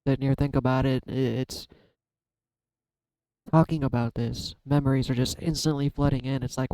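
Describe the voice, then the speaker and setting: A man who posts card readings on YouTube speaks emotionally and personally to his viewers, holding back tears as he trails off, searches for words, and restarts. His mid-range voice is warm and steady, moving at a moderate pace with frequent pauses. The recording has no echo but is low quality.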